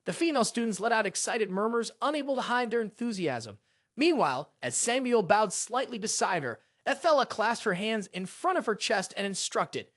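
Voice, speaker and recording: Recap narrator, animated pitch, dry close recording, scripted storytelling. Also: moderate pace, no echo.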